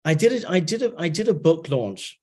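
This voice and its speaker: A man's voice: a little high, big pitch swings, fairly quick, darkish tone. A man who channels messages in chanted syllables and then explains them in casual chat with many fillers. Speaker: channeler guest.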